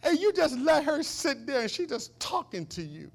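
A man preacher voicing an irritated woman who shouts and pleads in exasperation. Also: very high-pitched, very animated, moderate pace, vocal fry, pitched above the performer's own voice, full character voice. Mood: indignant. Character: irritated indignant woman complaining about her sister.

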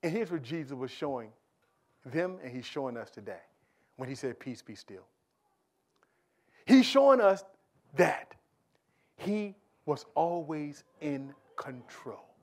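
A man preaching a sermon, swinging from hushed near-whispers to near-shouts, full of repetition and rhetorical questions. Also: on the high side, animated, measured pace.

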